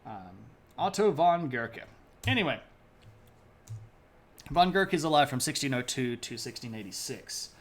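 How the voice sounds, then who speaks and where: A man's voice: mid-range voice, sing-song, unhurried, long pauses. A man giving a casual, joking history talk on a live stream, rambling with lots of fillers and stopping to greet viewers in chat. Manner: loose and rambling with many fillers.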